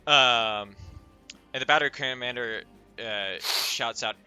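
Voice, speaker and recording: A man narrating a tabletop game as game master, halting often with filler sounds as he goes. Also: medium pitch, pushed and bright, clear, resonant tone, dry recording, soft background music.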